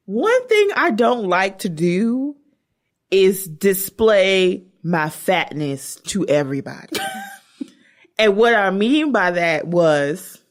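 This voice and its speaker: A woman co-hosting a casual gossip chat, talking with animated energy and laughing often. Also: slow. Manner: animated, laughing, acts out quotes in high squeals. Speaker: co-host.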